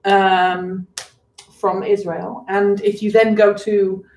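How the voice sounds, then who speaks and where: A woman's voice: medium pitch, little pitch movement, slow, darkish tone. British woman, casual co-host, rambling and wry, roomy echo. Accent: British English. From Britain. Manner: rambling, self-deprecating, chuckles often. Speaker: co-host of an electric car show. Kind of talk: casual livestream chat.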